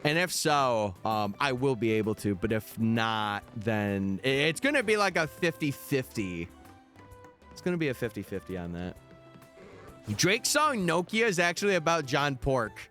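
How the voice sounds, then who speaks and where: A man's voice: mid-range voice, sing-song, normal speed, a bit bright. A young man streaming live, chatting casually and answering his viewers' messages over faint background music. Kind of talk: casual livestream chat.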